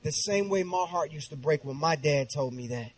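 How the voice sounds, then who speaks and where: A man in his thirties preaching a sermon with passion, dropping to a hushed tone when he tells a personal story. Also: fairly high pitch, moderate pace, poor audio.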